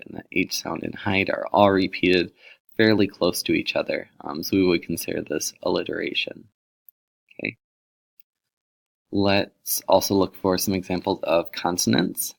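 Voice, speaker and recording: A man's voice: low voice, vocal fry. A man teaching a recorded poetry lesson, explaining sound devices and reading poems aloud, with frequent fillers.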